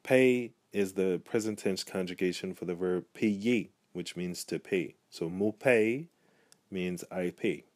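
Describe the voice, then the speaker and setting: A man's voice: deep voice, measured pace, no echo. A man giving a pronunciation lesson, speaking patiently and repeating each example word. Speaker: language teacher. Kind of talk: pronunciation tutorial.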